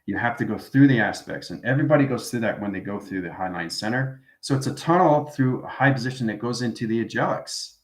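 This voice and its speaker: A man's voice: medium pitch, animated, fast talker, hardly any pauses. A man teaching an informal spiritual class, rambling and tagging his statements with "right?" as he goes. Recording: roomy echoey room.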